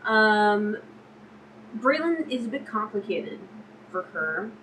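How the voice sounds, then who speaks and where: A woman introducing her character in a tabletop game, measured and thoughtful with soft fillers. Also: mid-range voice, sing-song, distant mic, slight background noise, rough recording.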